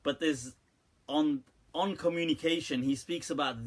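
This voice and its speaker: Male religious teacher, loose storytelling delivery with laughs, mid-range pitch. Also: moderate pace, a bit bright. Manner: anecdotal, laughs often, quotes Urdu poetry. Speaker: religious teacher answering questions. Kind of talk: informal Q&A talk.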